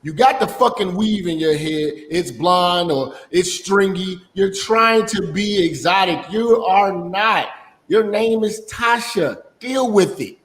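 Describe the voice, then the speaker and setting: A man's voice: sits high, slow pace, a bit bright, a little hiss or hum. A man on a panel call, speaking crudely and mockingly in heated opinion talk. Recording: echoey room with long reverb.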